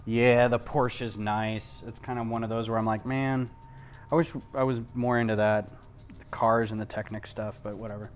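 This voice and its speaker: A man hosting a casual livestream from home, rambling onto tangents, losing his thread and filling pauses with ums. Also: mid-range voice, level tone. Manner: frequent ums and restarts. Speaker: livestream host. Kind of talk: casual chat while building.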